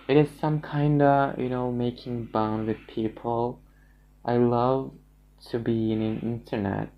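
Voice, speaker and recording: Slow halting man with gravelly creak. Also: medium pitch. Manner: halting, rambling, swears often. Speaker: livestreamer. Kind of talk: casual livestream monologue. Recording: dull lo-fi stream audio.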